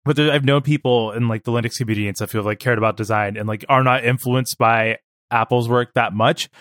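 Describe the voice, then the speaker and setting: A man's voice: mid-range voice, steady tone, quick pace, a bit bright, no echo, studio quality. A man co-hosting a casual podcast, blunt and opinionated, swearing freely as he argues his point. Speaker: podcast co-host.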